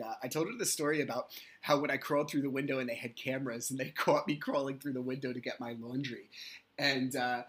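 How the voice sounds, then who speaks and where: A man's voice: mid-range voice, fairly bright tone. A man in his thirties, hosting his own podcast solo, telling a story about his kids in a casual, rambling way. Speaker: podcast host.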